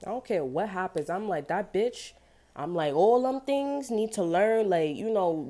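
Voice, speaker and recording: A woman reads tarot in a loose, unscripted way and vents bluntly, swearing freely. Her voice is mellow and soft-edged, sitting at a medium pitch. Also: lively intonation, measured pace. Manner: blunt, profane, venting. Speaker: tarot reader. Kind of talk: casual tarot reading rant.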